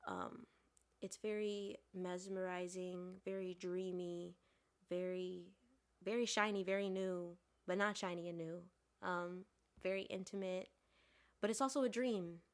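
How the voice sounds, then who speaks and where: A woman poet, a podcast guest, casually explaining her poems in a relaxed, halting way with many fillers. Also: lowish voice.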